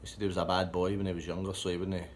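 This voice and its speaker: A Scottish man with a Scottish accent telling a sweary, rambling comic anecdote in a deadpan way. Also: low-pitched, racing, slight background noise. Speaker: storyteller.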